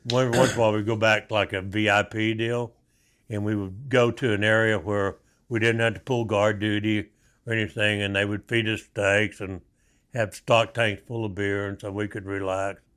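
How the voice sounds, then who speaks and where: Older veteran, low-pitched, plain-spoken and rambling, for an interview. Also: male voice, little pitch movement, moderate pace, fairly bright tone, smooth. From Oklahoma. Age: 70s. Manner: plain-spoken, rambling war stories with restarts. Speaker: Vietnam veteran guest. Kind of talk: storytelling interview.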